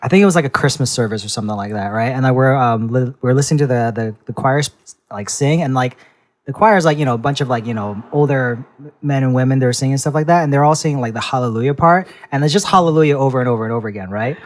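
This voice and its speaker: A man's voice: mid-range voice, quick pace, no room sound, clean studio sound. A young man co-hosting a casual podcast, laughing often as he tells stories. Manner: giggly, laughs often while telling stories. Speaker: podcast co-host. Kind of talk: casual chat.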